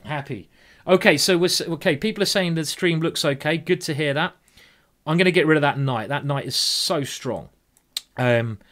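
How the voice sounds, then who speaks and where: A man's voice: on the high side, fairly bright tone. A man streaming blitz chess, thinking aloud in a chatty, self-mocking way and talking to his viewers. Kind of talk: live-stream commentary while playing blitz chess.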